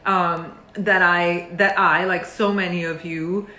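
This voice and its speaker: A woman's voice: fairly low pitch, fairly even intonation, slow pace, sharp tone. A middle-aged woman, a meditation teacher, speaking earnestly and with feeling, full of fillers and restarts. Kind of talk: heartfelt talk to camera. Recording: roomy echo.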